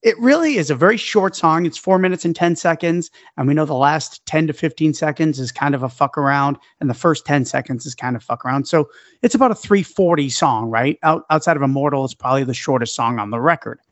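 Man, fairly high voice, podcast co-host, casual and analytical, dry close sound. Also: fairly quick, no echo. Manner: casual, analytical, swears now and then. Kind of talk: casual music discussion podcast. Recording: dull lo-fi dry audio.

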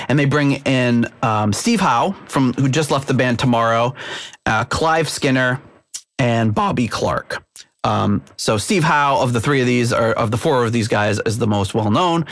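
A man's voice: medium pitch, a bit bright, no echo, studio quality. A man hosting a podcast, casually reading band history aloud with fillers and asides. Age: middle-aged or older. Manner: reads quotes aloud with fillers and laughs. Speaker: podcast host.

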